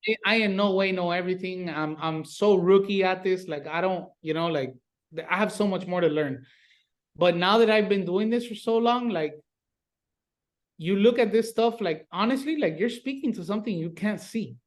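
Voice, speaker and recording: A man's voice: high-pitched, moderate pace. A man from South Florida, a paranormal investigator guest, telling stories in casual podcast chat, swearing freely and acting out reactions. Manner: animated storyteller, swears freely, acts out reactions.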